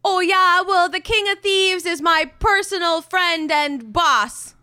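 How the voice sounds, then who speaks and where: A woman voicing a brash, smooth-talking female rogue who bluffs her way past guards, glib and needling. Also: high voice, expressive, moderate pace, pushed and bright. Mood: smug bluffing. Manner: glib, needling, confidently argumentative.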